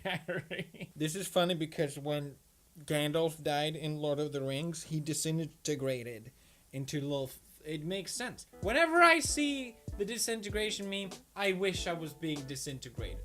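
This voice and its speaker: Guy doing a jokey meme review, sarcastic, fake-angry shouting, bright voice. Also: on the high side, expressive, moderate pace, soft background music. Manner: sarcastic, bursts into mock-outraged yelling. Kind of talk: comedic commentary.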